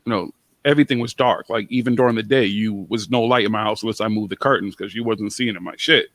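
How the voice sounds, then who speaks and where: A man's voice: lowish voice, quick pace, a bit bright. A man telling stories in casual chat, blunt and full of slang.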